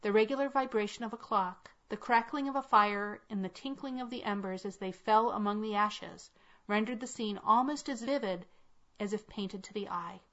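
Lady reading an old spooky story, mid-pitched, slow and even, muffled sound. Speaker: audiobook reader. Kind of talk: scripted narration of a classic tale. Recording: dull lo-fi recording.

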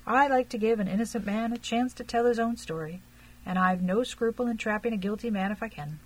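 A woman's voice: fairly high pitch, fairly quick, close to an everyday voice, rough recording. Woman voicing Beck, a shrewd male detective. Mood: probing. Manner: pleasant, probing, steady. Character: shrewd stout male detective, placid and insinuating.

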